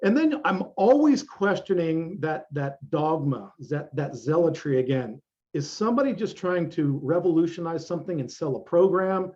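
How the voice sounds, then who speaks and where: A man's voice: on the high side, lively intonation, normal speed, a little mellow, highs cut off. A middle-aged man, a fitness coach guest, talking bluntly and emphatically in a casual interview, with plenty of swearing.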